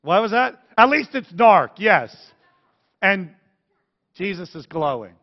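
Male pastor, high-pitched, chatty and excitable casual preaching, long church-hall reverb. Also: slow. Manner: chatty and excitable, many fillers like "like". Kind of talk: casual sermon commentary on pictures and video. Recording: long reverb, dull lo-fi sound.

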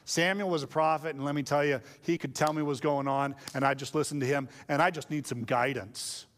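A man's voice: fairly high pitch, steady tone, brisk, a bit bright, lightly acted. A preacher voicing a desperate, pleading male king who stammers out his questions. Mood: fumbling.

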